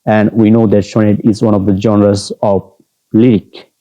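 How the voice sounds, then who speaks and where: A man with a Bangladeshi English accent giving a literature lecture in a deliberate, halting way, with fillers and restarts. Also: on the low side, level tone, dark tone, rough recording.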